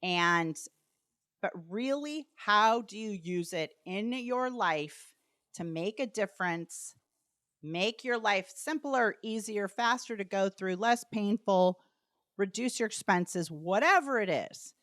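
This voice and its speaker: A woman hosting a podcast, talking in a bubbly, chatty way with animated asides. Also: mid-range voice, slow pace, no echo, studio quality. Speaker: podcast host. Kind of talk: casual podcast chat.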